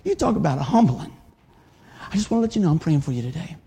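Man, pastor, folksy conversational sermon, gravelly, dark mellow tone. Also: on the high side, sing-song, fast talker.

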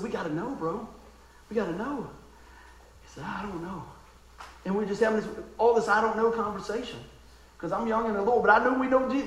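A man preaching in a folksy, emotional storytelling style, dropping to a hush and then rising to exclaim. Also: sits high, creaky, roomy sound, slight background noise, poor audio. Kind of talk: storytelling sermon.

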